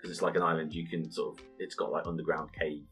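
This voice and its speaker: A man in his thirties, casually co-hosting a podcast, telling an animated, sweary gaming story and laughing often. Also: very deep voice, fast talker, slightly rough, soft background music.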